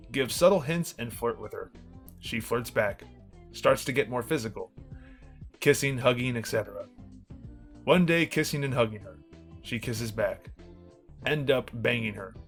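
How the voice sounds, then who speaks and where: A man reading short comic stories aloud in a deadpan way, then chatting with a co-host. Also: medium pitch, vocal fry. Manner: deadpan reading, laughs at the punchlines. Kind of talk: comedic story reading with banter.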